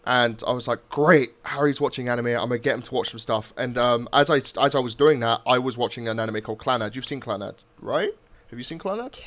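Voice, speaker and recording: Male podcast host, animated chat, swears a lot, mid-pitched voice, slightly muffled lo-fi audio. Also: quick pace. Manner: animated, swears freely, acts out quotes. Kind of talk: casual chat.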